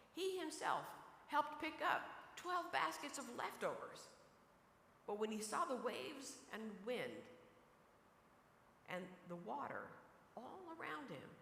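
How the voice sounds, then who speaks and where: A woman pastor preaching a sermon from the pulpit, telling a Bible story in an animated way and quoting scripture. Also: medium pitch, a little hiss or hum. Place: church sanctuary, at the pulpit. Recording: echoey church hall, faint ambience.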